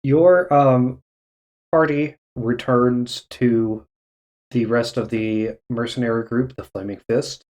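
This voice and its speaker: A man narrating a tabletop game as dungeon master, unhurried and halting with many fillers. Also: mid-range voice, fairly even intonation, a little mellow.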